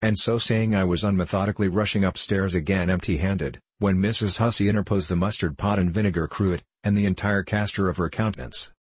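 A man narrates a classic novel in first person with measured, earnest storytelling. His voice is deep and husky. The recording is dry and close. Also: steady tone, dry recording. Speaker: audiobook narrator.

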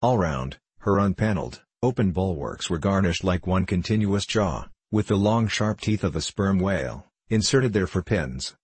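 A man narrating a classic novel as an audiobook in a measured, unhurried literary reading. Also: low voice, breathy edge, no room sound.

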